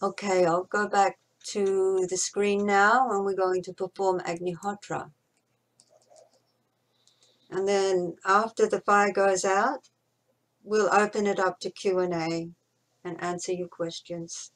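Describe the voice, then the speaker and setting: A woman instructor teaching mantra pronunciation, chanting syllables slowly and carefully. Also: mid-range voice, little pitch movement.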